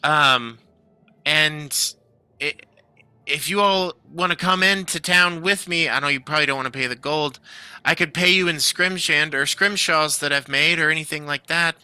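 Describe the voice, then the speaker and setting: A chatty young halfling man, flustered and apologetic, tumbling over his own words, as a man puts him on. The voice sits a little higher than normal and rings bright and sharp. It is recorded close and dry, with no room around it. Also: moderate pace, clear, resonant tone, no room sound. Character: nervous chatty young male halfling craftsman.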